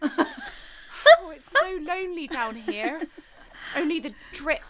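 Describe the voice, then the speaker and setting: A woman's voice: very high voice, huge pitch swings, slow pace, fairly bright tone, slight background noise, pitched above the performer's own voice, full character voice. A woman acting a melodramatic monologue as a lonely young woman trapped down a well, crying out in pleading, breathless calls. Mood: lonely, forlorn.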